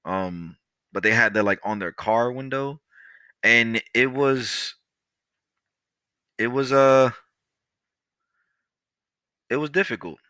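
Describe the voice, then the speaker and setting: A young man hosting a podcast, telling a story in a casual, animated, profane way and talking straight to his listeners. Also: mid-range voice, takes it slowly, long pauses, clear, resonant tone, dry recording. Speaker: podcast host.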